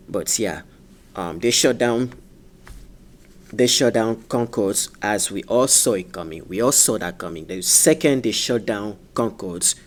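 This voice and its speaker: A man with a French accent hosting a gaming video, talking in a casual, rambling way with many pauses and restarts. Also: fairly low pitch. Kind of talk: casual rambling commentary to camera.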